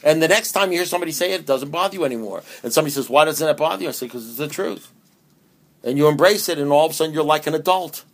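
A man's voice: a little high, racing. A man speaks at a recovery meeting in a slightly raised voice, conversational and joking. He hammers his points with repeated phrases and often restarts mid-sentence. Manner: conversational, humorous, emphatic with restarts.

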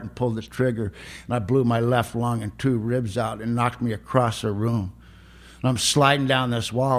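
A middle-aged man, telling his own story at a recovery meeting in a raw, plain-spoken way. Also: medium pitch. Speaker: recovery speaker.

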